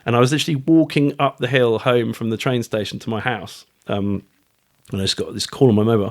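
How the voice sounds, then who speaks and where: A man's voice: on the low side, steady tone, fast talker. Chatty British man, casual podcast guest. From United Kingdom. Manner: chatty, swears, many restarts. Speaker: guest, author and fund manager.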